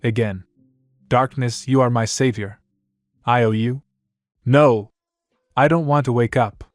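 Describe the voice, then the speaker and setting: A man's voice: medium pitch, moderate pace, no echo. Male narrator, first-person fanfic, wry complaining tone, dry booth sound, faint music bed. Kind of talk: first-person fan fiction reading.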